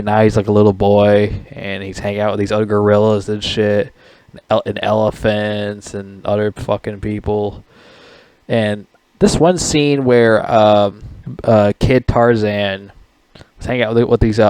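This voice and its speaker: A man's voice: mid-range voice, no echo. A man reviewing a movie in a casual, rambling rant, swearing a lot and getting worked up. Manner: rambling, profane, excitable.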